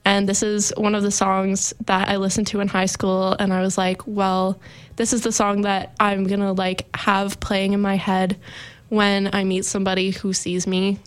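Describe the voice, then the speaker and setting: A woman's voice: medium pitch, monotone, normal speed, clean tone. A young woman hosting her college radio show, chatting in a rambling, heartfelt, filler-heavy way into a studio microphone. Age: young adult. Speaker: campus radio host. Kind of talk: sentimental farewell radio chat.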